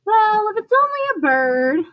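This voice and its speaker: A woman's voice: extremely high pitch, very animated, unhurried, highs cut off, pitched above the performer's own voice, exaggerated voice. A woman reading aloud, voicing a puzzled, easygoing male policeman in a storybook.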